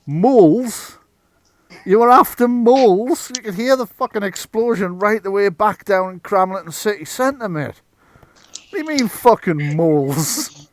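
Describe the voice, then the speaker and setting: A man's voice: high voice, lively intonation, unhurried, voice pushed up. A man voicing an exasperated male police officer who cannot believe what he hears. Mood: incredulous. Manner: disbelieving, exasperated.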